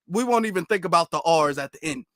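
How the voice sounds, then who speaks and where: A Southern-accented man with a high voice hosts a casual livestream commentary. His tone is bright and his sound is dry, and he keeps circling back to his points and asking his audience whether he is right. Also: animated, fast, no echo. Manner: repetitive, conversational, asks the audience for agreement. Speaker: commentary channel host.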